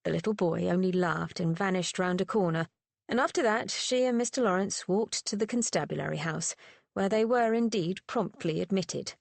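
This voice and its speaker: A woman reading a romance audiobook aloud in an expressive narration style, recorded on a close studio mic. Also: mid-range voice, gravelly, no echo. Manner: expressive, voices the characters. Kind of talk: scripted narration.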